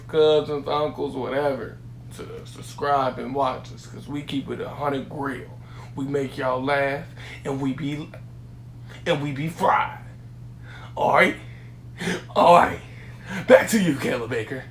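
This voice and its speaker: A man's voice: a little high, fairly even intonation, slow pace, pauses often. A young man co-hosting a couple's vlog, joking in slangy casual banter. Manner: joking, slangy, loud bursts of laughter. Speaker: vlog co-host. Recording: echoey room with noise.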